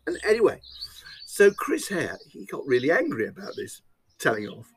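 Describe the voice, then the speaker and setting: A man's voice: on the high side, wildly swooping pitch, moderate pace, noisy background. A man hosting a podcast, telling a rambling anecdote with frequent laughs. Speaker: podcast host. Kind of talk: casual chat, anecdote.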